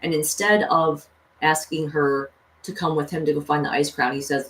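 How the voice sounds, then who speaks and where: A woman's voice: low-pitched, fairly even intonation, normal speed, a bit bright. A woman vlogger casually retelling a cartoon story, rambling with lots of fillers. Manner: rambling, full of "you know" and "like". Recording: echoey room, distant mic, faint noise.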